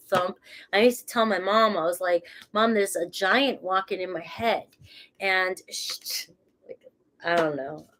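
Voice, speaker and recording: A chatty woman who has a cold gives a casual tarot reading, rambling from point to point and laughing at herself along the way. She speaks in an ordinary middle pitch. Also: a bit bright. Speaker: tarot reader.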